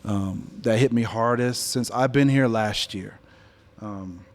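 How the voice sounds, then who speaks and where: A man's voice: lowish voice, slow pace. Man telling stories on stage. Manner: storytelling, animated when quoting others. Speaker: guest speaker, business leader. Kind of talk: live on-stage interview. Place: event venue before an audience.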